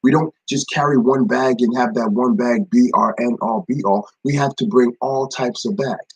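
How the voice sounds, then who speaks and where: In a low-quality recording, a young man leads a casual devotional session for his ministry, greeting viewers by name and repeating phrases to drive points home. He speaks conversationally at a normal speed, his medium-pitched voice carrying a breathy edge.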